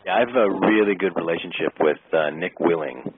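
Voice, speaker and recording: A middle-aged man, an actor and interview guest, telling a lively anecdote and acting out the exchanges he describes. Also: deep voice, a little fast, husky, dry recording. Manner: lively storyteller who acts out quoted exchanges. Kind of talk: casual storytelling anecdote. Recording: tinny phone-line sound, dry.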